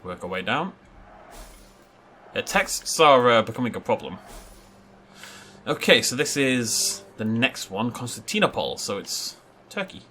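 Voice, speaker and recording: A young man casually narrating his gameplay, chatty and self-mocking, drifting into long anecdotes. His medium-pitched voice swings widely up and down as he talks. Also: big pitch swings, moderate pace, sharp tone, a little hiss or hum. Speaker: gaming video host. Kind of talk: casual let's play commentary.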